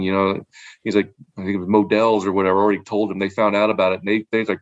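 Low-voiced guy rambling, lots of restarts, dull lo-fi sound. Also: little pitch movement, fast, no echo. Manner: rambling, repeats words, laughs often. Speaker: podcast guest, wine collector. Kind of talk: casual chat.

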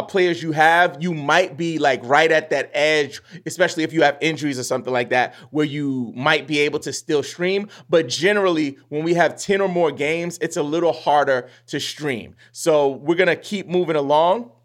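Casual podcast host, young man, slangy and chatty, voice on the higher side. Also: moderate pace, few pauses. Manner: chatty, slangy, acts out listeners' reactions. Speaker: fantasy basketball podcast host.

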